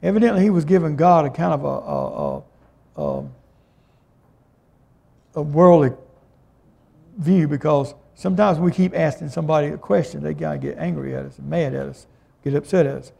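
A man's voice: a little high, normal speed, gravelly, long pauses, mellow. A man preaching a sermon in a plain-spoken way, reading scripture aloud and explaining it.

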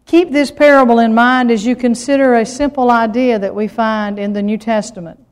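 A woman preaching a sermon, expressive and full of rhetorical questions, slowing down to stress key words. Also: on the high side, clean tone. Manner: expressive, with rhetorical questions and slow emphatic phrases.

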